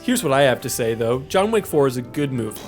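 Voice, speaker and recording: A man's voice: mid-range voice, very animated, quick pace, faint music behind. A man co-hosting a podcast, casually explaining film plots with fillers. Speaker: podcast co-host. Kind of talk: casual movie-review chat.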